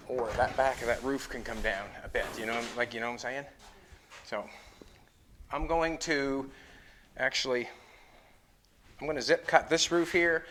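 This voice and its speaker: In a garage workshop, a middle-aged man builds a car, thinking aloud and rambling to the camera in casual shop talk as he fits and tacks metal; he's the builder and show host. His mid-range voice is bright and forceful, with a little hiss or hum in the audio.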